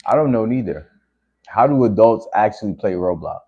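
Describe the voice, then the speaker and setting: A man's voice: on the low side, animated, moderate pace, warm tone, slightly rough. A man chatting casually on a stream while reacting to videos, laid-back and rambling, using lots of slang. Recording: slightly dull lo-fi audio.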